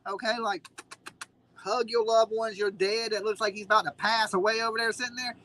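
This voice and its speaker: A man's voice: high voice, level tone, brisk, bright, forceful tone, rough recording. A man hosting a live stream, ranting in a mocking, combative way. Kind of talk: heated casual commentary.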